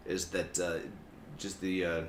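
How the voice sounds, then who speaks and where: A man's voice: deep voice, measured pace. A man co-hosting a podcast, chatting casually and animatedly about games and laughing often. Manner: animated storyteller who laughs and puts on silly voices. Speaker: podcast co-host. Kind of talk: casual chat. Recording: roomy echo with faint ambient noise.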